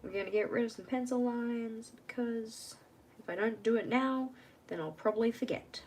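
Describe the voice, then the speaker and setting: A woman's voice: a little high, moderate pace, a little mellow, slight background noise. A young woman chatting casually on a live stream from home while she works on her journal, rambling and laughing at herself.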